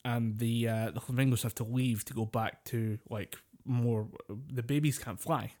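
A man's voice: mid-range voice, fairly even intonation, moderate pace, darkish tone. A man co-hosting a casual podcast, telling a story with a lot of swearing and laughter. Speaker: podcast co-host. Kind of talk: casual chat.

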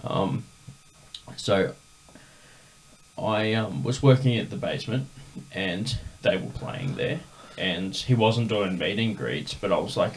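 A man's voice: on the low side, animated, takes it slowly. A man hosting a podcast, telling a rambling story in casual chat with lots of fillers. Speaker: podcast host.

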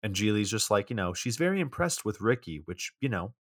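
A man's voice: lowish voice, very animated, a little fast, no room sound, studio quality. A man co-hosting a podcast, recapping a movie's plot in a laid-back, sarcastic way. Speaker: podcast co-host.

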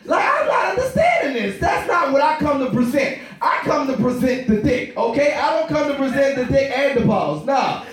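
A man in his thirties doing a stand-up comedy set, loud and profane, rambling and shouting his punchlines. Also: very high voice, lively intonation, moderate pace, few pauses, very echoey, recorded from a distance, faint music behind. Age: 30s.

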